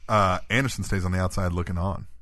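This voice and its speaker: Fast-talking low-voiced man recapping. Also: fairly even intonation, a bit bright, no room sound, studio quality. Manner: rapid play-by-play recapping, tags "right?" on statements. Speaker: podcast co-host. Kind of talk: casual wrestling recap chat.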